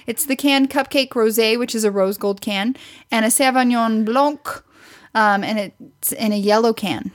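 A woman co-hosting a podcast in relaxed, casual chat. She reads out bits of news and tosses questions to her partner in a high-pitched voice. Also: normal speed. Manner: chatty, giggly, asks questions. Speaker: podcast co-host.

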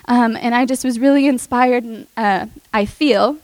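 Young woman telling her testimony, earnest and emotional, lots of "like", highish voice, dry close sound. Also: normal speed, few pauses, dry recording, poor audio. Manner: earnest and emotional, with many "like" fillers and soft laughs. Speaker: speaker sharing a testimony. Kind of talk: personal testimony.

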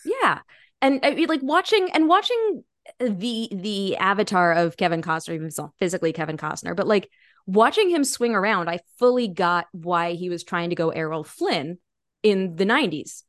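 Woman podcast host, animated and enthusiastic, dry close-miked sound. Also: mid-range voice, normal speed, dry recording. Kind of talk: casual film discussion.

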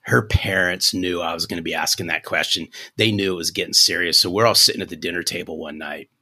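Low-voiced guy in his 50s on a podcast, animated folksy storytelling, forceful tone. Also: fast talker, slightly rough. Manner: animated, restarts sentences, folksy. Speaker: podcast guest, sales coach.

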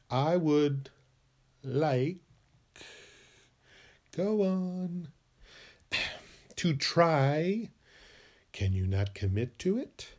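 Male podcast host, comic self-argument in two voices, unhurried, sing-song, slightly high pitch. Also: expressive, darkish tone. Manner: bickers with himself in two voices.

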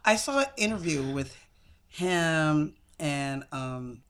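A woman's voice: deep voice, expressive, slow, clean tone. A woman co-hosting a podcast, chatting bluntly and sassily about movies, swearing and acting out what people said. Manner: sassy, blunt, swears, acts out quotes. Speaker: podcast co-host. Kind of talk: casual movie chat.

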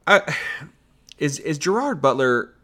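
A man's voice: fairly high pitch, very animated, a little slow, sharp tone. A man co-hosting a podcast, chatting casually about movie trailers with jokey, sarcastic asides. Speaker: podcast co-host.

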